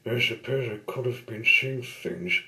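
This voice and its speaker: A man's voice: mid-range voice, a little slow, sharp tone, roomy sound. A man voicing a rattled, shaky male tugboat in a storybook reading, speaking in mutters. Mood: unsettled.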